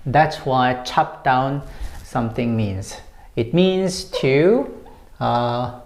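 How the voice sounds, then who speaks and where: Slow, low-voiced woman teaching English. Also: darkish tone, reverberant. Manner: slow, patient, repeats key phrases. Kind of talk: explaining English usage to learners.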